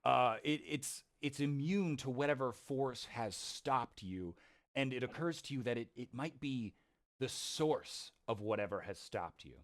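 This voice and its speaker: A man's voice: mid-range voice, a little slow. A man narrating a tabletop game as game master, playful and often laughing. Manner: playful, laughing, with frequent restarts.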